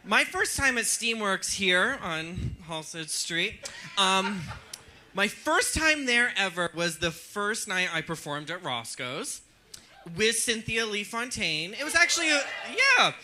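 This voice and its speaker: A man's voice: high-pitched, sing-song, slow pace, bright, forceful tone, a little hiss or hum. A man hosting a bar viewing party, chatting casually and telling bawdy, joking stories into a mic. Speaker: drag queen host. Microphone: handheld mic.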